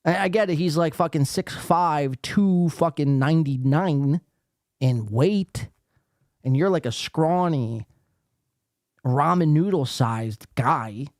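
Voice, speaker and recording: A man's voice: fairly high pitch, slow pace, a little mellow, no room sound, clean studio sound. A man from the East Coast hosting a podcast, reacting sarcastically to a livestream and reading chat aloud with plenty of swearing. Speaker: podcast host. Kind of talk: casual commentary on a livestream.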